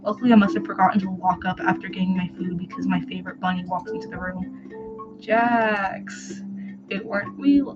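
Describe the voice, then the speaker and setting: A woman's voice: fairly low pitch, flat delivery, quick pace. Woman streamer, giggly and flustered, narrating a dating sim; muffled lo-fi audio with music behind. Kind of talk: reading a dating sim aloud to chat. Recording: dull lo-fi sound with music behind.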